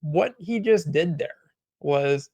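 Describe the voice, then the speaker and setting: Dude with a kinda high gravelly voice rambling sarcastic shop stories on a podcast, dry close sound. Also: male voice, expressive, takes it slowly, a little mellow, no echo. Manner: sarcastic, joking; rambling anecdotes full of acted quotes. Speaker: podcast co-host, auto detailing business owner. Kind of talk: casual podcast storytelling.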